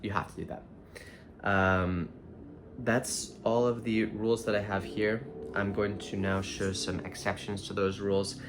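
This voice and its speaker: A man teaching Spanish vocabulary in a relaxed, thinking-aloud way, with frequent fillers and restarts. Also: lowish voice, a little slow, over music. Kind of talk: casual explanatory lesson.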